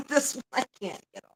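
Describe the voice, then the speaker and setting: A woman's voice: slight background noise, low-quality recording. A woman hosting a casual crafting livestream, chatty and swearing casually as she works. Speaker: livestream host. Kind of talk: casual chat while crafting.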